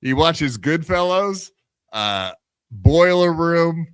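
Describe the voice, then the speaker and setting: A man's voice: fairly high pitch, expressive, slow pace, clear, resonant tone, no echo. A man co-hosting a podcast, incredulous and mocking, swearing freely in casual commentary. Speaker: podcast co-host.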